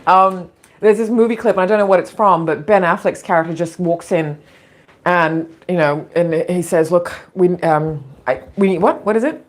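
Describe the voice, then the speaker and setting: A woman's voice: on the low side, normal speed. A woman hosting a casual talk show, frank and opinionated, rambling with a slightly irritated throat. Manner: frank, opinionated, digressive, laughs often. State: throat irritation, occasional coughing. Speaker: podcast host.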